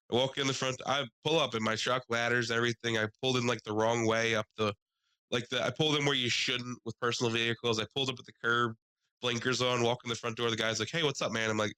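A man telling a story in casual podcast chat, animated, acting out the people he quotes. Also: fast talker, clear, resonant tone, no room sound, poor audio. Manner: animated, acts out quoted people in higher voices. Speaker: podcast co-host.

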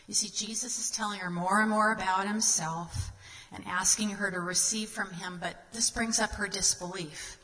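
A woman delivers a sermon in a bright, forward voice. She reads scripture aloud and turns to the listeners with earnest questions. Her words ring out with a long reverb, as if she is in a large hall. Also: medium pitch, fairly even intonation, normal speed. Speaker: guest speaker.

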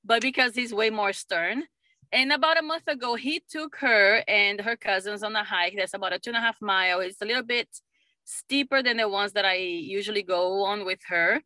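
Bright-voiced mother telling a story. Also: mid-range voice, normal speed, no room sound. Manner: animated storyteller, laughs often. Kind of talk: casual conversation. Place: lives in Utah.

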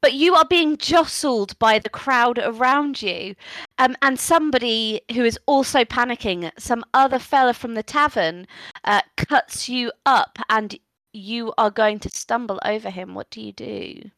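A woman narrating a tabletop role-playing game as game master, lively and playful. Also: fairly high pitch, unhurried, dry recording, rough recording.

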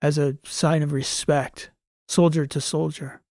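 A man voicing a badly wounded male enemy soldier with a raspy, weak voice. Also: a little high, level tone, measured pace, a little mellow, no echo, clean studio sound. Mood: weak, proud.

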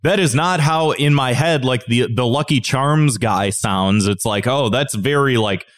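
Exasperated and profane, a man co-hosting a podcast rants his way through casual chat in an unhurried, medium-pitched voice. The sound is dry and studio-clean.

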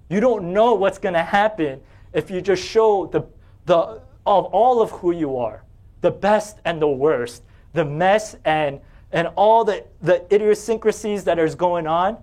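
A young adult man preaching as a pastor, telling a self-deprecating personal story with animated, rising bursts when he relives getting angry. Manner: animated, self-deprecating, often rising in pitch and volume when retelling anger.

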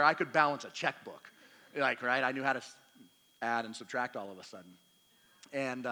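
Bright-voiced man preaching in reverberant hall. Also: fairly high pitch. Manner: chatty, self-deprecating, humorous, acts out dialogue. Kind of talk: storytelling sermon. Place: church meeting hall.

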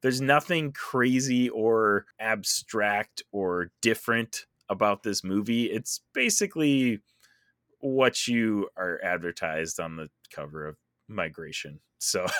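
A man's voice: fairly low pitch, sharp tone, no echo, studio quality. A man co-hosting a podcast, chatting casually about a movie he reviewed, easygoing with frequent fillers. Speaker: podcast co-host.

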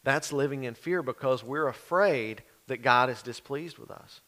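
Man preaching, relaxed and chatty, acts out voices in the story. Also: medium pitch, normal speed. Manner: conversational preaching, acts out voices of biblical figures. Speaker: pastor. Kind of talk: sermon.

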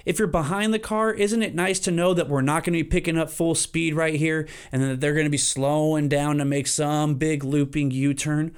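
A man hosting a solo podcast, ranting comically and jumping into high silly voices for his examples. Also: fairly even intonation, moderate pace, few pauses, clear, resonant tone. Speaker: podcast host. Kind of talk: solo comedic podcast rant.

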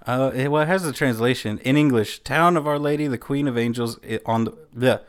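An American man trades jokes on a casual movie podcast, his voice sitting in an ordinary middle pitch. He teases his co-host and rambles through asides. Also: a little fast, smooth. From United States. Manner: teasing, joking, rambling.

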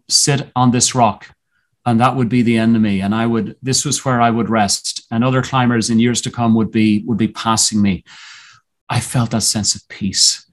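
Earnest man telling a personal story. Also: mid-range voice. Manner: earnest, halting, with frequent restarts and slowdowns. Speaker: podcast guest.

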